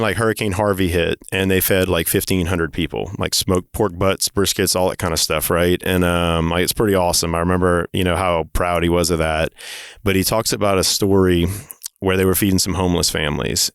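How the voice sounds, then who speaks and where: A man with a very low, smooth voice tells an earnest story in a casual interview. He speaks haltingly, with plenty of pauses and fillers, and the sound is dry and close. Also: steady tone, no echo. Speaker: company co-founder.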